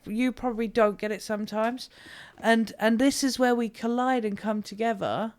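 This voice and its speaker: A British woman co-hosting a casual podcast, her voice smooth and resonant. She tells rambling stories, drifts off on tangents and swears without a second thought. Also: fairly high pitch, moderate pace. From Britain. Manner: animated rambling storyteller, swears freely, goes off on tangents. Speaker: podcast co-host. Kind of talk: casual chat.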